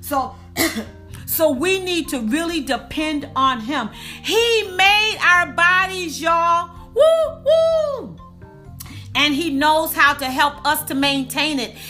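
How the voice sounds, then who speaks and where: A woman's voice: high-pitched, sharp tone, faint music behind. A woman giving a preaching-style wellness talk, calling her listeners y'all and repeating lines for emphasis. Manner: repeats lines for emphasis, slow drawn-out punch words. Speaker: faith and wellness speaker.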